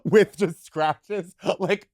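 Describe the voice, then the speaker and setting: A man's voice: high voice, steady tone, extremely slow, darkish tone, no echo, studio quality. A man co-hosting a podcast in casual chat, teasing his co-host and laughing often.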